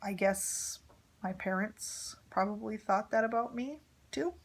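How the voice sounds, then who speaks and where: A woman in her thirties tells a story to her viewers in a casual, rambling way, full of "like" and small asides. Her voice sits in an ordinary middle pitch for a woman, relaxed and conversational. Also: measured pace, breathy edge. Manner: chatty and rambling, with filler words and asides. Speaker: vlogger, mother of a teenage son. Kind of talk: casual storytime chat to camera.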